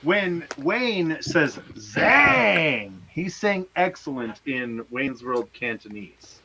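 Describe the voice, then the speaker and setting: A man co-hosting a podcast in casual chat, playful and excitable. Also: fairly high pitch, takes it slowly, low-quality recording. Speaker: podcast co-host.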